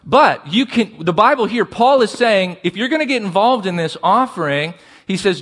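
Delivering his sermon in an animated, high voice with a fairly bright tone, a male pastor calls for the congregation's responses and deliberately slows to emphasize important words.

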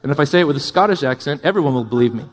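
A man preaches with passion, his fairly high voice climbing louder through emphatic build-ups. He drops into quieter asides and jokes with the congregation between points. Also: expressive, very fast. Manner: impassioned, swings from loud emphatic build-ups to low asides. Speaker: pastor. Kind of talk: sermon.

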